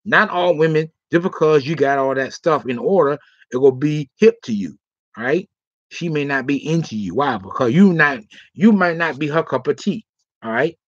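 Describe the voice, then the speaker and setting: A man's voice: fairly high pitch, animated, moderate pace, no echo. A man giving casual dating advice on a livestream, rambling and filling his talk with 'all right' and 'okay'. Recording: dry, slightly dull lo-fi sound.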